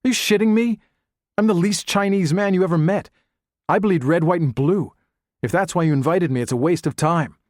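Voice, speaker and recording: A man reading the part of a blunt, defiant American intelligence officer who speaks forcefully and loudly. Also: sits high, normal speed, no room sound, studio quality, pitched above the performer's own voice, close to an everyday voice.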